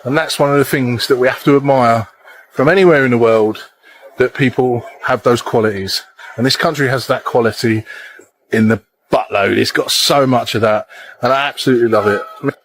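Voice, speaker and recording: A man talking casually in a relaxed, admiring way. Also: medium pitch, moderate pace, rough recording. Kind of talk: casual chat. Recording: faint background noise.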